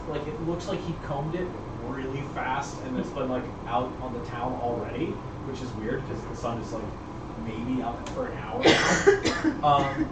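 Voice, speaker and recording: A man running a tabletop game as game master, lively and laughing, slipping briefly into character voices. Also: mid-range voice. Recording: roomy echo, distant mic, background noise.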